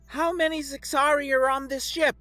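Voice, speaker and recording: A man's voice: very high voice, fairly even intonation, moderate pace, sharp tone, no echo, soft background music, pitched above the performer's own voice. Man voicing a defiant young human woman. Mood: urgent. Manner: urgent, defiant. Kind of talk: audiobook narration.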